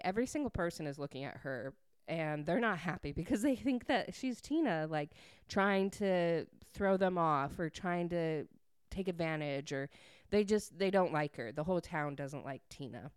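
A woman's voice: sits low, a little mellow, clear, resonant tone, no echo, clean studio sound. A woman casually recapping a book, chatty and gushing, with many fillers. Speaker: book reviewer.

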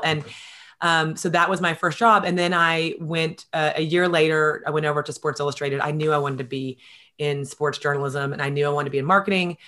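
A middle-aged woman telling stories in a casual interview, animated and quick, with many fillers. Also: low-pitched. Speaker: guest.

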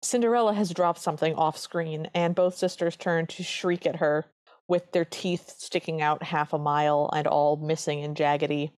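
A woman's voice: sits low, fairly even intonation, darkish tone, dry recording, clean studio sound. A woman co-hosting a podcast, reviewing an old cartoon in an earnest, chatty way. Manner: chatty, earnest, quick asides. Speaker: podcast co-host. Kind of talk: casual review chat.

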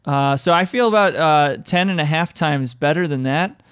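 A man co-hosting a podcast in casual comedic chat, laid-back and deadpan, often halting. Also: a little high, clean tone, no echo, clean studio sound. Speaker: podcast co-host. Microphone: podcast mic.

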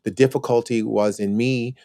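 A man's voice: mid-range voice, fairly even intonation, moderate pace, warm tone, no room sound, studio quality. A man in his sixties, a retired police officer, telling personal stories as a podcast guest in a reflective way. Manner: reflective, acts out quoted family members. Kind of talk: storytelling interview talk.

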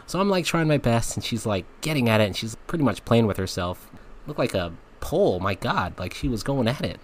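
A man hosting a podcast, telling a frank comic story in a casual, animated way and laughing often. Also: medium pitch, fairly quick, a little hiss or hum. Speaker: podcast host.

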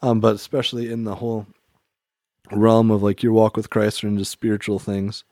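A man's voice: lowish voice, flat delivery, brisk, a little mellow, no echo, clean studio sound. Rambling, reflective man in casual chat. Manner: rambling, reflective, heavy on "like" and restarts. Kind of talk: casual faith-themed chat.

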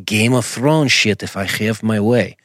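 A man voicing a creepy, leering Russian uncle with a put-on Russian accent and a slow, sleazy drawl. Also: lowish voice, a bit bright, no echo, clean studio sound.

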